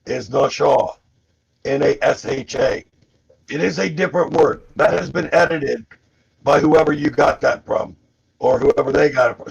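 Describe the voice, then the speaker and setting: A man's voice: fairly high pitch, vocal fry, breathy edge. A man in an online debate, blunt and accusing, spelling words out and swearing. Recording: dull lo-fi microphone.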